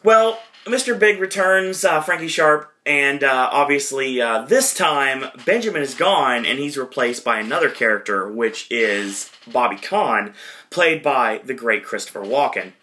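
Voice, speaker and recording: A man talks through a movie retrospective in a loose, rambling way, leaning on fillers and poking fun at himself. His voice sits at an ordinary middle pitch but has a bright, forward edge. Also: animated, unhurried. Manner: rambling, many fillers and self-deprecating asides. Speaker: podcast host.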